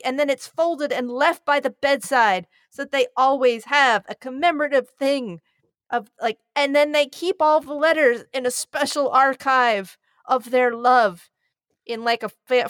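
A woman's voice: high-pitched, fairly bright tone, dry recording, clean studio sound. A woman co-hosting a podcast in casual chat, effusive and rambling, with some swearing. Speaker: podcast co-host.

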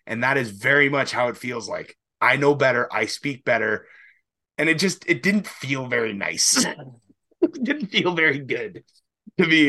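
With a sing-song, bright, forceful delivery at medium pitch and moderate pace, a young Canadian man co-hosts a podcast. He rambles casually through the chat, now and then laughing or swearing.

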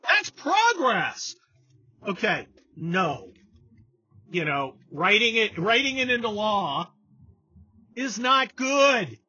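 Sarcastic man with a lively, husky voice. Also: high-pitched, slow, long pauses. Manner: sarcastic, animated, mocking impressions. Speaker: podcast host. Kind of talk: casual political chat. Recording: dull lo-fi sound.

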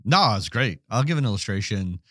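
Lively man telling stories in a dry studio. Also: lowish voice, brisk, no echo. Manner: animated storytelling with laughs. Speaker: podcast co-host. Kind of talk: casual theological discussion.

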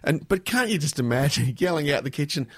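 An Australian man co-hosting a casual radio chat, telling animated stories with lots of laughter. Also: on the high side, a little fast, slightly rough, no room sound, studio quality. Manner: acts out voices and shouts inside anecdotes. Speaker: radio co-host.

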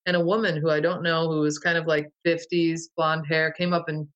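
A woman's voice: sits low, level tone, brisk, dull audio. A woman recounting a vivid dream to an interviewer in a casual, rambling way, full of fillers and restarts. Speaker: guest. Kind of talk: casual storytelling.

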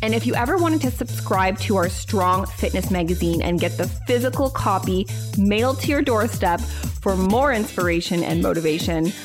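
A woman podcast host delivering an upbeat scripted outro in an encouraging tone. Her voice sits in a middle pitch, and clear music plays underneath her. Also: lively intonation, normal speed. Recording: music playing behind.

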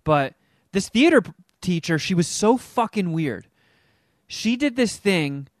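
A man in his forties who hosts a podcast, telling stories in a casual, animated and profane way. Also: sits high, a little slow, no room sound, clean studio sound. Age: 40s. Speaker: podcast host. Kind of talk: casual chat.

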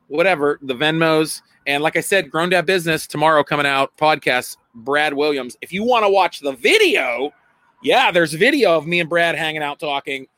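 A man's voice: on the high side, pushed and bright, no room sound. A man hosting a casual daily video from home, rambling, correcting himself and laughing often. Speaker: comedian and vlog host.

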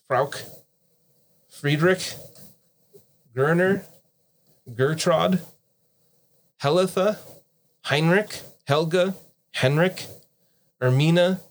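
A man hosting and running a tabletop role-playing game in casual chat, easygoing and quick to laugh. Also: fairly high pitch, lively intonation. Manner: easygoing, laughs often, reads out lists. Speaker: game master and host.

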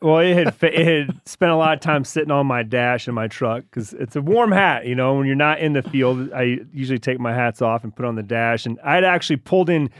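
A man, a regular on a podcast, telling an anecdote in animated casual chat. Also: mid-range voice, fairly quick, hardly any pauses, clear, resonant tone, no room sound, clean studio sound. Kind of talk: casual storytelling.

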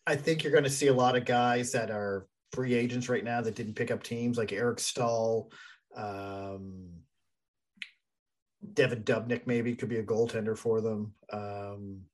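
A man's voice: fairly low pitch, fairly even intonation, a little slow. A man co-hosting a casual sports chat, rambling and thinking aloud with plenty of fillers. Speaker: podcast co-host.

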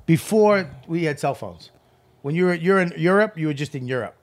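A man trading stories and jabs in loose, profane podcast banter. He tells his tales animatedly, dropping into quick impressions of the people in them. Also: fairly high pitch, animated. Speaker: comedian podcast co-host. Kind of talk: casual banter and storytelling.

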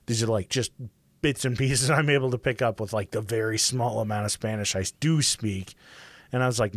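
A young man telling a story in casual chat, profane and animated, full of fillers. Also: mid-range voice, brisk, no room sound.

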